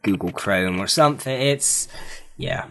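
A young man co-hosting a casual let's play, talking haltingly with restarts and chuckles. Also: fairly low pitch, lively intonation, bright, forceful tone, a little hiss or hum. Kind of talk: casual gaming commentary chat. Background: game music.

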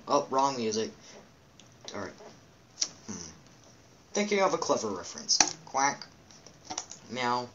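A man's voice: medium pitch, lively intonation, slow pace, pauses often, background noise. A man hosting a let's play, reading game captions aloud with goofy asides and playful quack and meow noises. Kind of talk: casual game commentary.

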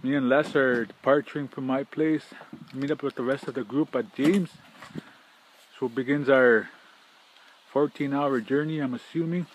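A man's voice: medium pitch, steady tone, unhurried, pauses often. A man from northern Manitoba narrating a casual travel vlog outdoors, giving short clipped progress updates into a handheld camera. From northern Manitoba, Canada. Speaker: trip vlogger. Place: outdoors by lakes and rivers. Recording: outdoor camera audio with clear background noise.

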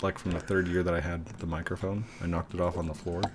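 A gaming host chats casually with his son at a desk microphone in his home setup, keeping the banter playful and joking. His voice sits low with a level tone and a quick pace, against a noisy background.

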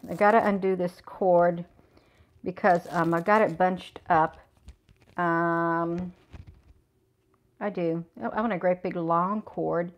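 A woman's voice: lowish voice, fairly even intonation, takes it slowly, long pauses, poor audio. A middle-aged woman hosting a casual livestream from the woods, chatting with viewers and reading aloud, and she keeps saying "you all". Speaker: livestream host. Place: outdoors in the woods. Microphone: clip-on mic with cord.

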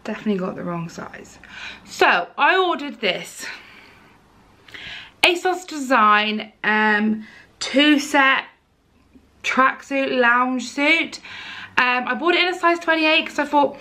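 In a try-on haul, a young fashion vlogger from the United Kingdom chats to camera in an outspoken, exasperated way. She speaks slowly in a high-pitched, pushed, bright voice, leaving long pauses.

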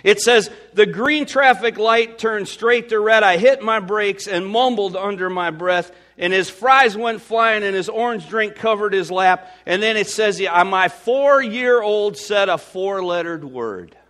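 A Midwestern American man preaching a sermon as pastor, swinging from loud to hushed. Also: high-pitched, a little slow, hardly any pauses.

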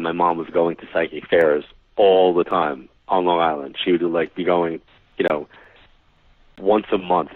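A man's voice: deep voice, no room sound. A man in his forties from New York, a psychic medium telling stories as a guest and acting out the dialogue. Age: 40s. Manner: animated storyteller who acts out quoted dialogue. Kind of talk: casual storytelling interview. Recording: dry, tinny phone-like line.

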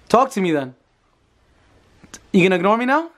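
A man's voice: sits high, very animated, normal speed, pauses often, background noise. Playful young man vlogging to camera. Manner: playful, teasing, talks to camera and kids. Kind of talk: casual prank vlog.

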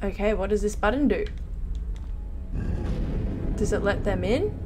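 A woman hosting a let's play video, commenting on her game in an excitable, panicky way with repeated exclamations. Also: mid-range voice, a little slow, over music. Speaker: gameplay host.

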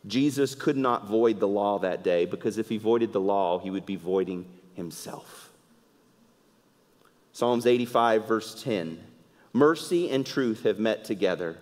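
A man's voice: on the low side, measured pace. Man preaching in a reverberant hall. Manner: animated preaching that swings from loud emphasis to hushed asides. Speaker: pastor. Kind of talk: sermon. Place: church sanctuary.

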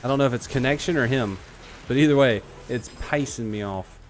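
A man giving live commentary while playing an online shooter, excitable and joking, trash-talking his opponents. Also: medium pitch, brisk. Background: faint background music.

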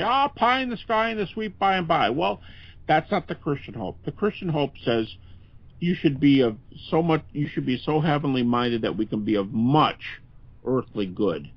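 A man's voice: a little high, no room sound. An older man, a guest scholar in a podcast interview, speaking earnestly and conversationally with frequent restarts. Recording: dull, lo-fi podcast audio.

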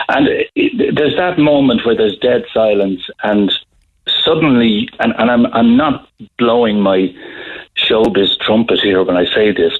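A middle-aged Irish man telling a story in a radio interview, halting, with many restarts. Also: fairly low pitch. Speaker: guest author. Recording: phone-line audio.

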